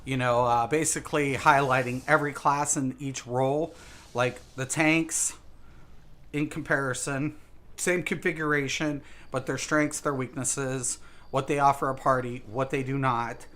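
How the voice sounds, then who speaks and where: A man's voice: medium pitch, fairly even intonation, a little slow, fairly bright tone. A man streaming a game live, chatting casually with viewers in a rambling, emphatic way, repeating words and saying "dude" a lot. He sounds a little tipsy.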